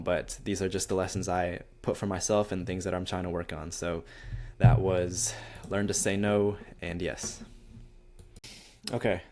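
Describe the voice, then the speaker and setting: A young man, a college student, giving casual life advice to camera, rambling and acting out little conversations. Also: sits low. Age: young adult. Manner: rambling and animated, acts out quoted exchanges with lots of "like". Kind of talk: casual self-help talk to camera.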